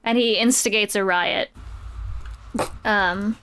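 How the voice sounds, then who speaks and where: A woman's voice: medium pitch, steady tone, slow, a bit bright, clear, resonant tone. A woman casually recapping a comic book story on a podcast, chatty and playful, slipping quoted lines into her retelling. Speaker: podcast co-host.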